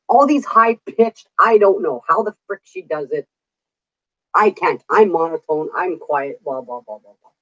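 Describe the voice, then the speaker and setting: A woman's voice: low voice, highs cut off. A middle-aged woman telling stories in casual chat, chatty, laughing often and swearing casually. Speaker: vlogger.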